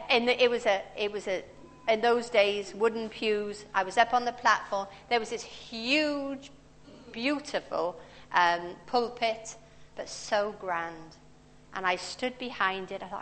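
A woman's voice: medium pitch, unhurried, a bit bright, a little hiss or hum. A woman, preaching a sermon in a conversational, storytelling way. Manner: conversational, storytelling with personal anecdotes. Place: large church hall. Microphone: handheld or stand mic. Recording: long church reverb.

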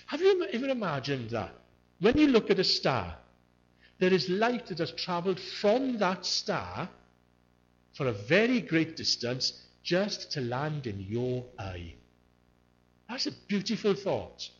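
Brief: male preacher, slightly high voice, earnest and emphatic, dull lo-fi sound. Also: huge pitch swings, a little slow, slightly rough. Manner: earnest, repeats key words for emphasis. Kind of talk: sermon. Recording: muffled lo-fi recording.

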